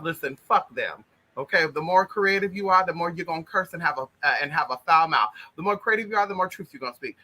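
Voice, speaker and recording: A male livestream host with a high-pitched, animated, sharp voice talks fast as he greets viewers one by one. He's flamboyant, blunt and profane, and calls everyone "honey."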